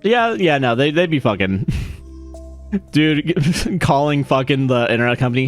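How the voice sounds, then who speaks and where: A man's voice: a little high, lively intonation, unhurried, pauses often, faint music behind. A young man casually chatting on a live stream, ranting with a lot of swearing and laughing at his own jokes. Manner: profane, ranting, self-mocking, laughs often.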